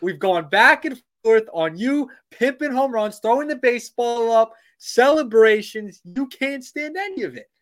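A young man co-hosting a sports podcast, talking playfully with lots of halting restarts. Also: very high voice, animated. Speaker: podcast co-host. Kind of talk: casual sports podcast chat.

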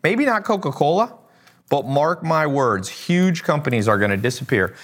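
Blunt, animated man on a livestream. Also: a little high, moderate pace. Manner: blunt, animated, swears, laughs at own jokes. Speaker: livestream host, e-commerce coach. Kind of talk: casual livestream talk.

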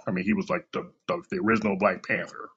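A man in casual chat who talks in quick, rambling bursts with slang. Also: medium pitch, big pitch swings, vocal fry, a bit bright, slightly rough, highs cut off.

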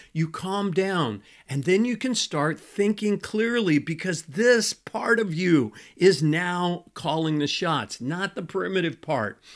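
Warm-paced man preaching conversationally. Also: on the high side. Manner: conversational, repeats key phrases, slows for emphasis. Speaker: pastor. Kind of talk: teaching talk on marriage.

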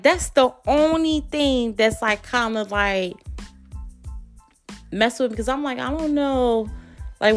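Young woman, podcast host, casual monologue, outspoken, swears freely, rambling. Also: a little high. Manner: blunt, profane, outspoken; loose and rambling, lots of fillers.

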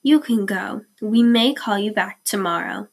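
A woman reading the part of a tired, patient male theater director who speaks wearily and gently. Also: mid-range voice, a little slow, creaky, husky. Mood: weary. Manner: weary, gentle.

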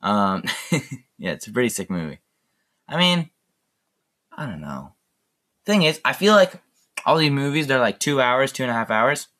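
A man's voice: medium pitch, big pitch swings, moderate pace, pauses often, bright, forceful tone. A young man hosting a solo podcast, chatting enthusiastically and rambling with lots of fillers. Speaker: podcast host. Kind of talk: casual solo podcast chat.

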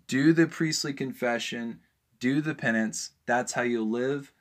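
Male preacher, mid-pitched voice, fervent build-ups and pointed rhetorical questions. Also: unhurried. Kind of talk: impassioned preaching.

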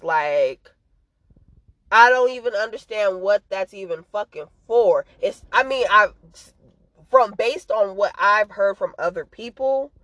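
A woman ranting in a casual commentary, worked up and emphatic, full of profanity and sharp repeated put-downs. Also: medium pitch, no echo, poor audio. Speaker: vlogger.

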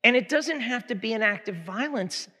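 High bright-voiced pastor, animated sermon with stories, repeats himself a lot, long church reverb. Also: male voice, moderate pace. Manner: animated, repeats words while building a point. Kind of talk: sermon with comic storytelling.

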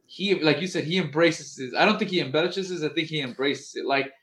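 A man co-hosting a casual sports podcast, talking in an animated way with frequent swearing, restarts and asides. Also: on the high side, fairly quick. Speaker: podcast co-host.

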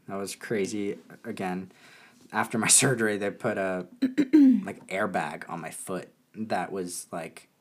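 A young man casually telling a story, animated and often laughing. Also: lowish voice.

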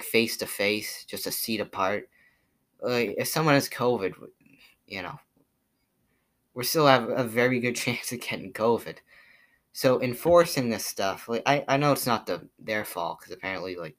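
Deep-voiced teen guy ranting casually. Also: fairly bright tone. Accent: Boston. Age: teens. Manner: rambling, filler-heavy, mildly exasperated. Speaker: vlogger. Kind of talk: casual monologue ranting about pet peeves.

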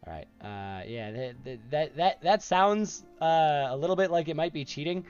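A man's voice: a little high, expressive, moderate pace, a little mellow, smooth, dull audio, soft background music. Hesitant man running a tabletop game. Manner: hesitant, lots of fillers. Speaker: game master.

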